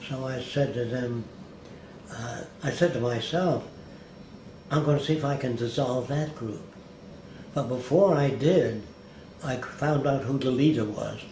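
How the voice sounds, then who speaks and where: His mid-range voice moves a little slowly, broken by long pauses, as he tells stories as an interview guest. He brings quoted people to life in a lively storyteller's manner, recorded in an echoey room with faint hiss.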